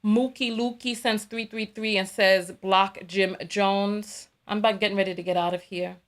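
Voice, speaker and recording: A woman's voice: medium pitch, little pitch movement, a little fast. A woman hosting a livestream, reacting heatedly and reading out viewer donations. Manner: heated, repeats herself when angry. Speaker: host. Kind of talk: livestream commentary.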